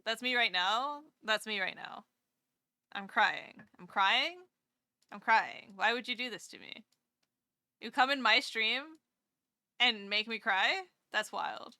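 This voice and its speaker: A woman's voice: a little high, slow pace, pauses often, pushed and bright, dry recording, clean studio sound. A woman VTuber streamer chatting casually with her viewers live, rambling and self-deprecating, gushing over kind messages.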